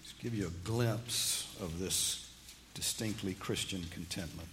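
A man's voice: low-pitched, measured pace, noisy background. A man preaching a sermon, reading scripture aloud and explaining it with rising emphasis. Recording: long hall reverb, faint ambience.

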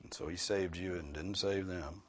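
A man preaching an expository sermon, stressing key words loudly and dropping some phrases to a hushed near-whisper. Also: low voice, fairly even intonation, moderate pace.

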